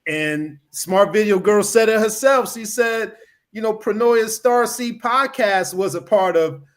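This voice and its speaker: A man's voice: sits high, unhurried. A man hosting a podcast, rambling and leaning on "you know" as he talks about a book. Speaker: podcast host. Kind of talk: casual podcast chat.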